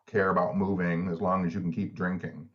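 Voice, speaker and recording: A man's voice: sits low, level tone, fairly quick. A man in his forties co-hosting a podcast, chatting casually with dry, laid-back remarks. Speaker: podcast co-host. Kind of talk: casual chat. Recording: dull lo-fi sound.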